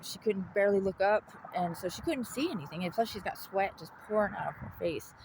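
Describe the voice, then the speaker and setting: A young woman tells a story in a loose, casual way, blunt and heavy on swearing, with laughs breaking through. Her voice sits at a middle pitch. A faint hiss of noise sits under the recording. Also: fairly quick. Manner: profane, blunt, laughs often.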